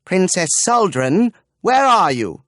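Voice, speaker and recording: A man voicing a clever, haughty older lady-in-waiting who talks crisply and with command. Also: a little high, sing-song, takes it slowly, no echo, studio quality, voice pushed up. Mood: brisk. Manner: crisp commanding, doting to a bird.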